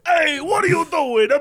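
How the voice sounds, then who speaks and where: A brash New York street guy, as a man puts him on, yelling at anyone near his parking spot. The voice sits high and bright and pushes hard into shouts. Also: heavily acted. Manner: shouting, territorial.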